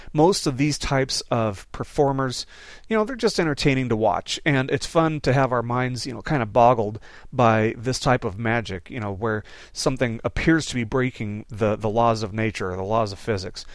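A man's voice: medium pitch, no room sound, studio quality. A man hosting a Bible Q&A lesson, talking casually with plenty of fillers. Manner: conversational, loose, many "you know" fillers. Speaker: Bible teacher answering listener questions. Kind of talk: informal Q&A lesson.

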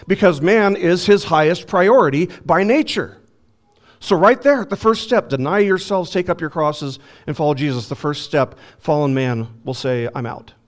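Male pastor, sermon delivery, slightly higher voice, emphatic, stretches key words for stress. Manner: asks the congregation rhetorical questions. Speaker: pastor teaching a Bible lesson. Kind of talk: expository sermon.

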